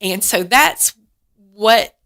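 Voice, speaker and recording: Bright-voiced woman telling a story. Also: mid-range voice, expressive, very slow. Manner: earnest storytelling, many restarts. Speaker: guest. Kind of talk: casual radio chat.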